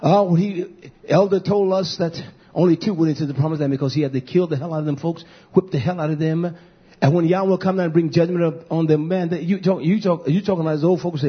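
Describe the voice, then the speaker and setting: A man preaching a fiery sermon on a live stream, chanting drawn-out cries and swinging between shouts and low murmurs. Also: breathy edge, dull audio.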